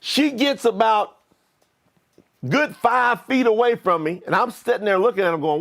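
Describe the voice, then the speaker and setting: A middle-aged man with a high-pitched voice tells a story from his own life, addressing his viewers directly. He speaks in an animated, lively way, as a motivational speaker would. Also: normal speed, vocal fry. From Kentucky, US. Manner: animated, talks straight to viewers. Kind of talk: personal storytelling to online viewers.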